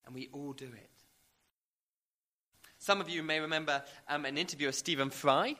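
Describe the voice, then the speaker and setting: A man's voice: fairly high pitch, a little fast, pushed and bright. A man preaching a sermon, emphatic, building to rising repeated questions.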